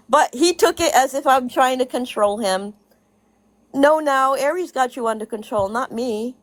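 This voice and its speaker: A high-pitched woman vents straight to the camera, swearing freely and hammering each point home by saying it twice. Short laughs break up her complaints. The sound is dry and close, with no room around her. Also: no echo. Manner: blunt, profane, laughing between points; repeats herself for emphasis. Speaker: social media commentator. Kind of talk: casual ranting vlog.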